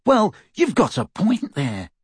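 A man's voice: sits high, huge pitch swings, slow pace, slightly rough, no room sound, studio quality, voice pushed up, exaggerated voice. A man voicing a gloomy, doubtful middle-aged wizard in a storybook reading, talking heavily. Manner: heavy, doubtful.

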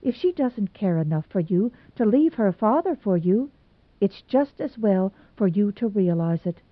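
A woman voicing a level-headed young woman teacher, giving advice in a brisk, cool, sensible way. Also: mid-range voice, expressive, no room sound. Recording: tinny phone-like sound, dry.

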